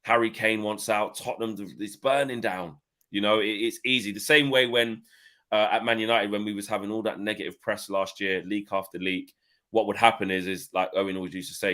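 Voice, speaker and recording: Lowish-voiced man chatting football. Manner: rambling, animated, quick to laugh. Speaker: football podcast co-host. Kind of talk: casual football chat.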